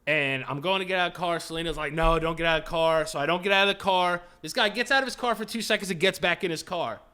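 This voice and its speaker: A man's voice: sits high, quick pace, clear, resonant tone. A man co-hosting a podcast, telling a story in casual chat with a lot of swearing, acting out the people in it. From Florida. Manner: animated, profane, acts out the people in his story. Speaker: podcast co-host.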